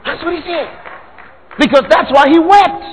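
A man preaching a sermon, dramatic, bursting into sudden shouts. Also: very high voice, moderate pace, long reverb tail, crowd noise, rough recording.

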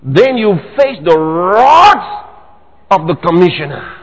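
A man preaching a sermon, dramatic, bursting into sudden shouts. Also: high voice, very animated, slow, in a large hall, low-quality recording.

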